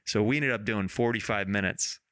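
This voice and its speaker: Bright, crisp-voiced man rambling. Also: lowish voice, a little fast, dry recording, studio quality. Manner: rambling, many restarts, laughs often. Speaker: podcast host. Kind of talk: casual interview chat.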